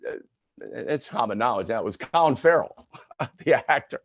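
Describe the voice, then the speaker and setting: A man in his sixties speaks frankly and conversationally as a podcast guest, retelling his past with plenty of restarts. His voice sits at an ordinary pitch. The recording is dry and a little dull and lo-fi. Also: animated, moderate pace, slightly rough, no room sound. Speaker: podcast guest, retired sports broadcaster. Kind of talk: candid personal storytelling.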